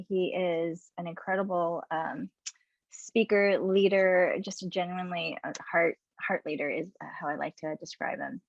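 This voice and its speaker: A woman's voice: fairly low pitch, gravelly, dry recording, highs cut off. Upbeat woman hosting a webinar. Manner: chatty, upbeat, laughs easily. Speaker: webinar host. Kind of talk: introducing a guest on a webinar.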